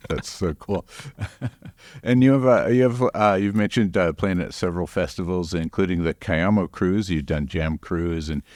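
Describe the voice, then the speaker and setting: A man hosting a radio interview, soft-spoken and hesitant, with many ums and uhs between his questions. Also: low voice, normal speed, no room sound. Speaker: radio host.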